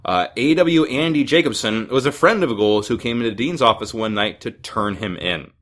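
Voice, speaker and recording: A man's voice: medium pitch, normal speed, fairly bright tone. A male podcast host reading local history notes aloud in a casual chat, dropping dry, teasing asides.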